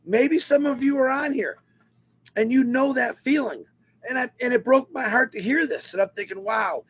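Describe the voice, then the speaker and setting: High-voiced husky man telling a story. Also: moderate pace. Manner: animated, emotional storytelling. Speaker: webinar speaker. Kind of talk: personal storytelling to an online audience.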